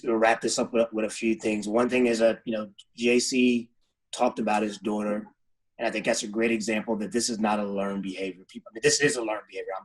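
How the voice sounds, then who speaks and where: A man giving heartfelt, halting closing remarks on a video call, close to tears. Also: lowish voice, slightly rough, low-quality recording. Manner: heartfelt, halting, faith-centered. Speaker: head coach.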